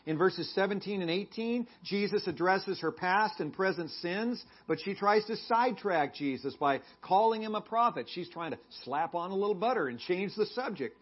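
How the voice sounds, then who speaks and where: A man's voice: sits high, animated, normal speed, hardly any pauses, husky, muffled recording. A male pastor giving a sermon in a conversational way, often asking the congregation questions.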